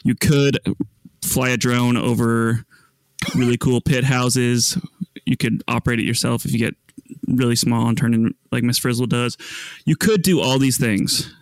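A man co-hosts a podcast in a flat, deadpan voice that barely moves in pitch. The recording is dry and close to the mic. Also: moderate pace, no room sound. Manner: deadpan, flat ironic delivery. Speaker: podcast co-host. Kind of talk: casual chat, reading the outro.

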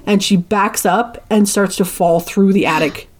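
A woman's voice: medium pitch, unhurried. A woman co-hosting a podcast, retelling a movie plot in a loose, chatty way full of "like" and acted-out lines. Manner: animated retelling with lots of "like", acting out characters' lines. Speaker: podcast co-host. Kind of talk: casual movie recap.

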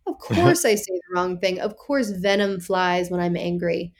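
She's a young woman talking openly on a podcast, animated and playful. She slips into quick put-on voices when she quotes herself or others, then drops back into her easy chat. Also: on the low side. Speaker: podcast guest. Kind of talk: candid podcast conversation.

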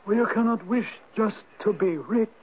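A high, husky old spirit of the rock, wise and teasing, with a lilting Irish accent. He is heard on a narrow, tinny old radio broadcast. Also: normal speed. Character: mysterious old male spirit, a Viking turned Irish. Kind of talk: 1970s radio drama acting.

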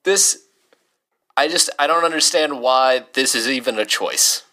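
A man co-hosting a casual podcast, reading listener questions aloud and joking between them. His voice is bright and forceful, with a playful edge. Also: medium pitch, unhurried. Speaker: podcast co-host. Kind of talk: casual chat.

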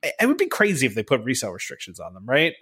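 A man's voice: medium pitch, wildly swooping pitch, rapid-fire, pushed and bright, breathy edge. A man hosting a podcast in casual chat, talkative and loose, tossing in "right?" and "you know" as he goes. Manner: chatty, says "right?" and "you know" a lot. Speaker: podcast host.

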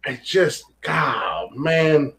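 A man's voice: fairly high pitch, lively intonation, slow pace, fairly bright tone, a little hiss or hum. A man co-hosting a podcast in casual chat, blunt and opinionated, swearing freely. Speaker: podcast co-host.

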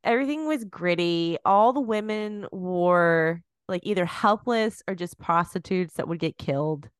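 A woman in her forties co-hosting a comedy podcast, animated and quick with asides. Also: on the low side, clean tone, dry recording, studio quality. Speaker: podcast co-host. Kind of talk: casual comedic chat.

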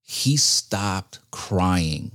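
A man telling a personal story in casual, slangy, animated talk. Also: low voice, very slow.

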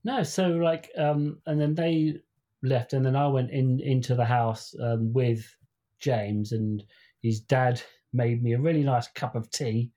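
A man's voice: mid-range voice, fairly even intonation, unhurried, warm tone. A man co-hosting a podcast, telling a long story in a rambling, casual way with many restarts. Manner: rambling storyteller, acts out quoted voices. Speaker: podcast co-host. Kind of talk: casual chat.

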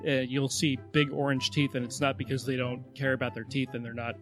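A man's voice: mid-range voice, level tone, fairly quick, over music. A man hosting a podcast, explaining animal facts with enthusiasm. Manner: enthusiastic explainer, reads credits. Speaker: podcast host. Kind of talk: casual chat.

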